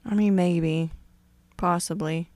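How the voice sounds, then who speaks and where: A woman's voice: on the low side, slow pace, dry recording. Blunt, foul-mouthed woman chatting. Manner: blunt, heavy swearing, animated. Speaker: podcast co-host. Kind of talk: casual chat.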